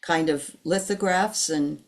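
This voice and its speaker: A woman's voice: deep voice, slow. A woman hosting an interview, encouraging her guest with frequent affirmations. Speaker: interview host. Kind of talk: casual interview chat.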